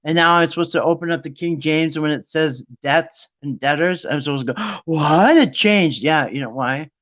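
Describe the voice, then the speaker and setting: A man's voice: fairly high pitch, fairly even intonation, brisk, a bit bright, highs cut off. A man hosting a Bible study talk, ranting with sarcasm in a rambling, casual monologue.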